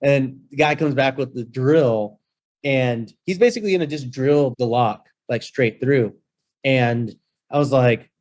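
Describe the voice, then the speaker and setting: A man of Mexican heritage, a rental-business guest on a podcast, telling a story in a playful, animated way with acted-out quotes. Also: mid-range voice, unhurried. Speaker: guest, short-term rental host. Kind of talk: casual storytelling.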